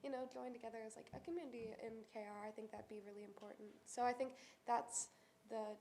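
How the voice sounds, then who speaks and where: A woman's voice: a little high, fairly even intonation, fast, dark tone, a little hiss or hum. A woman student on a school board meeting panel. She talks with a lot of filler words. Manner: lots of "like" fillers. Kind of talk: meeting discussion.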